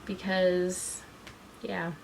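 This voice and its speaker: Animated woman telling a personal story. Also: on the low side, very slow, gravelly, slight background noise, rough recording. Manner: animated, acts out quoted voices. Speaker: mother and vlogger. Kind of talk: casual storytelling vlog.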